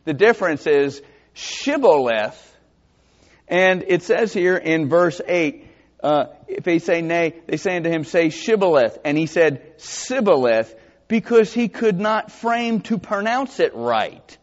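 A man from Georgia, preaching a sermon in an animated, joking way and reading scripture aloud. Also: a little high, measured pace. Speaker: pastor. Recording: dull sound, long hall reverb.

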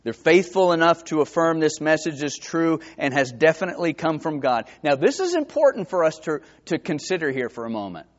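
A man from New Jersey with a New Jersey accent, preaching a sermon that swings from hushed to emphatic. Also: a little high, sing-song, brisk, hardly any pauses. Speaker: pastor. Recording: dull lo-fi sermon recording.

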